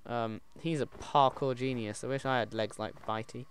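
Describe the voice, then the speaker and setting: A man giving casual, excitable commentary while playing a game, chatting to his in-game pet wolf. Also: medium pitch, normal speed. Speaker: gaming channel host. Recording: loud background noise.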